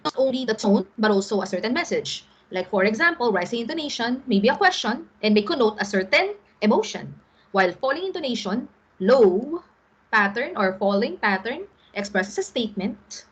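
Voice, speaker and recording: A woman's voice: medium pitch, husky, highs cut off. A middle-aged Filipino woman teaching an online class, explaining patiently and often checking in with the students.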